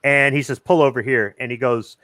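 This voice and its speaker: A man's voice: medium pitch, a little fast, dry recording. Nc guy telling a story, laid back, mid voice, dry sound. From North Carolina. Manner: relaxed anecdote-telling with repeated "you know". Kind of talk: casual chat.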